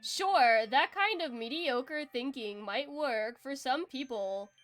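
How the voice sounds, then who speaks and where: A woman voicing a brash male gang leader with a gruff, swaggering delivery while reading game dialogue aloud. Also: high-pitched, lively intonation, slow pace, fairly bright tone, soft background music, heavily acted.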